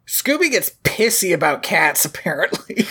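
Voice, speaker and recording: A woman's voice: on the low side, normal speed, creaky, breathy edge. A woman co-hosting a casual podcast, recapping a movie with laughter and joking asides. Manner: animated, laughing, swearing, quoting lines in funny voices. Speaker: podcast co-host.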